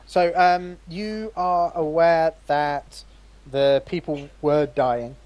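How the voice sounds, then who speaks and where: Halting man running a tabletop game. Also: fairly high pitch, fairly even intonation, darkish tone, dry recording. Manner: halting, with many fillers and restarts. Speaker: game master.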